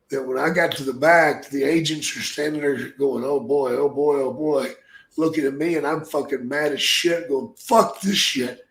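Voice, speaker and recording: A man's voice: a little high, a bit bright, roomy sound, poor audio. An older man and former wrestler hosting a podcast, telling blunt, profane stories in a casual way. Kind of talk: casual storytelling.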